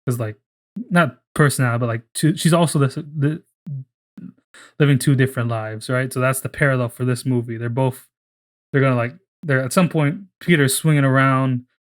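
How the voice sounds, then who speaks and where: A man in casual podcast chat who rambles and swears freely. He keeps restarting his sentences as he pitches ideas, and his voice sits in a middle pitch. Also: fairly even intonation, moderate pace. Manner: rambling, profane, full of restarts. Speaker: podcast co-host.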